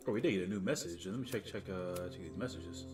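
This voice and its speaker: A very deep-voiced man commentates casually as he plays, reading out messages and tripping over his own words now and then. Clear game music runs underneath him. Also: quick pace. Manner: chatty, reads chat aloud, stumbles over his words. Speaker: streamer playing a game.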